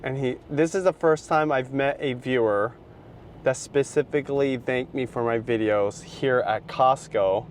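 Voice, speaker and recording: A man's voice: mid-range voice, measured pace, slight background noise. A middle-aged man, a vlogger, chatting casually and in a slangy, laid-back way to the camera. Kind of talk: casual vlog talk to camera.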